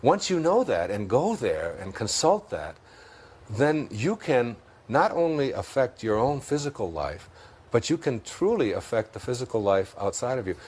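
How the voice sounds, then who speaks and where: A man's voice: mid-range voice, sing-song, normal speed, darkish tone, breathy edge. A man with a Detroit accent, a guest in an interview, talking reflectively about spiritual ideas and often laughing through his stories. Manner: thoughtful, laughs often while telling stories.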